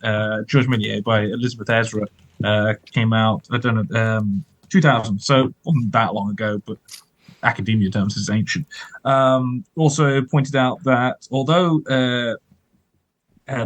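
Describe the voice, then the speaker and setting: A man's voice: medium pitch, dry recording, low-quality recording. A man chatting casually about film history as a podcast co-host, rambling with lots of fillers and hedges.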